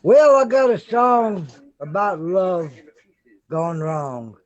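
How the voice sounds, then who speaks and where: A man with a fairly high voice chats over a video call before playing his song. He is unhurried and joking, easy in his manner. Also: very animated, lo-fi sound. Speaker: performing songwriter.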